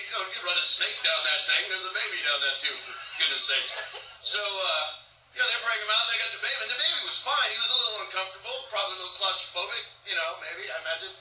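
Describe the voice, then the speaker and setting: A man doing a rambling live stand-up set, hopping between bits and slipping into quick put-on voices. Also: high-pitched, pushed and bright. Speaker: stand-up comedian. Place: comedy club stage. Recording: live room recording, echoey, mic heard from a distance.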